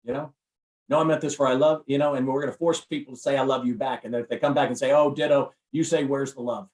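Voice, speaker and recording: Energetic motivational man, roomy distant sound. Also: mid-range voice, rapid-fire. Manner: preacher-like, repetitive, emphatic. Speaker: guest, recruiting firm CEO and speaker.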